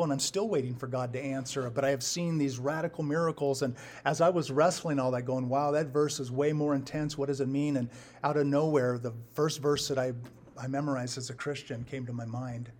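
A man preaching a sermon as a pastor, emphatic and repetitive, with his loudness rising and falling to stress his points. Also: medium pitch. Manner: emphatic, rises and drops in volume for stress, repeats phrases.

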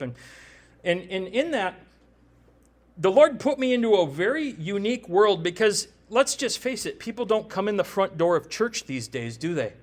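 A man with a high voice preaches to a congregation in a loose, conversational way. He tags his points with "right?" and "you know?" as he goes. He mixes scripture with stories from his own working life. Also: animated, normal speed. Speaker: preacher and tattoo artist. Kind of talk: sermon with personal testimony.

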